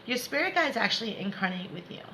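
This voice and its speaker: A woman's voice: fairly high pitch, very animated, fast, bright, forceful tone, a little hiss or hum, low-quality recording. A woman giving a live spiritual lesson, repeating herself to encourage viewers and laughing often. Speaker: spiritual teacher.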